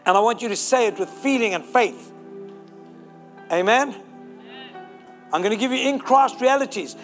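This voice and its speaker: A man's voice: extremely high pitch, normal speed, a bit bright, faint music behind. A man preaching a sermon, fervent and exhorting, rallying the congregation to repeat declarations.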